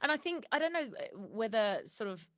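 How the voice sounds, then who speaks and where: A woman's voice: a little high, sing-song, fairly quick, dry recording, studio quality. Woman hosting a podcast interview. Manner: warm, conversational, prompting questions. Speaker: podcast host. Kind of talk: empathetic interview.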